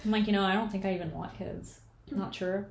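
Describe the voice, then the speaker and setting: A woman's voice: mid-range voice, steady tone, fast, gravelly. A woman in her late twenties, co-hosting a casual podcast chat and animatedly retelling a bad date, acting out both sides of the conversation. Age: late 20s. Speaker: podcast co-host. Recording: echoey room.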